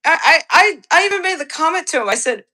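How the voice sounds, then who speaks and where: A woman hosting a podcast in casual chat, excitable, laughing often and restarting her sentences. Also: very high-pitched, quick pace. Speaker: podcast host.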